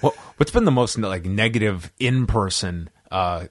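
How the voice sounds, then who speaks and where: A man's voice: on the low side, lively intonation, measured pace. A man who interviews people for media, chatting casually in a rambling way and correcting himself as he goes. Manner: rambling, self-correcting storyteller.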